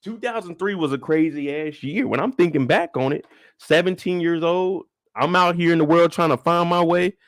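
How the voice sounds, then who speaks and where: A man's voice: fairly high pitch, moderate pace, no room sound, clean studio sound. A man in his thirties hosting a live stream, chatting loosely in slang and greeting viewers by name. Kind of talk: casual live-stream review chat.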